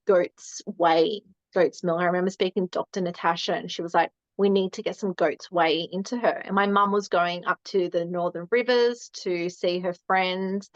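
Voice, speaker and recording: A woman tells her story casually, with plenty of fillers and easy laughs. Her voice sits a little low. It comes through a dull, dry lo-fi recording. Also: no room sound. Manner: chatty, lots of "um" and "like", laughs often. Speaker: guest. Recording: dry, dull lo-fi mic sound.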